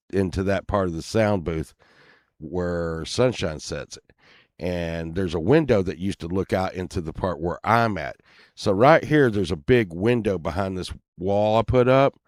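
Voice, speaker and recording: A man's voice: sits low, dry recording. A man rambling through a crude story to his live chat from his home studio, full of fillers and restarts. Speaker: streamer telling stories to chat.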